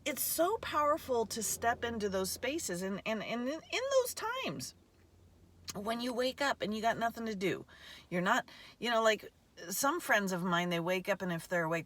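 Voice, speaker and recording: A woman's voice: medium pitch, fairly bright tone. A woman hosting a podcast, talking through a meandering spiritual reflection outdoors, often restarting sentences and laughing mid-thought. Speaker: podcast host. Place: outdoors in a remote spot.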